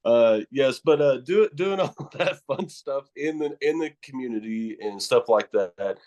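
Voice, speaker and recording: A man's voice: mid-range voice, animated, measured pace, a little mellow. A man from East Tennessee with a Southern accent, a guest chatting on a podcast, who laughs often and lets his words run together. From East Tennessee, USA. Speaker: guest, horror host. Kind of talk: casual podcast conversation.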